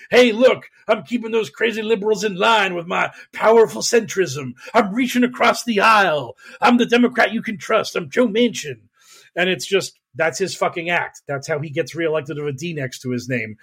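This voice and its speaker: A man's voice: on the high side, slightly rough. A man hosting a podcast, ranting about politics in an emphatic, profane, exasperated way, with a voice he calls whiny. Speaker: podcast host.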